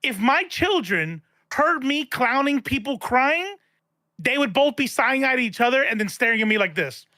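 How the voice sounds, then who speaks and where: Bright, lively male podcast co-host. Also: very high voice, normal speed, no echo, studio quality. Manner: laughing, acts out characters in quoted bits. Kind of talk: casual chat.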